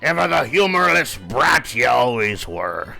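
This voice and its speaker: A man's voice: mid-range voice, very animated, a little slow, vocal fry, pushed and bright, soft background music, voice pushed up, full character voice. A man voicing a grumpy old male innkeeper who scolds in a haughty, quavering manner. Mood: scornful. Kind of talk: reading game dialogue aloud in a voice.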